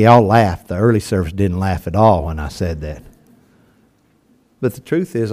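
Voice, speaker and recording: An older man preaching a sermon to his congregation, telling folksy stories and swinging between loud and soft. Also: low-pitched, normal speed, long pauses. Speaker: pastor. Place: church sanctuary before a congregation.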